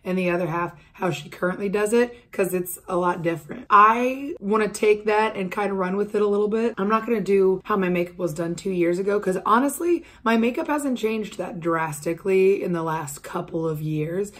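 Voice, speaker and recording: A woman in her twenties with a hoarse, raspy voice that is still recovering, chatting candidly and casually to camera as a beauty vlogger. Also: medium pitch, normal speed, few pauses, a bit bright. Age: 20s. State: hoarse, voice still coming back after losing it. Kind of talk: casual chat.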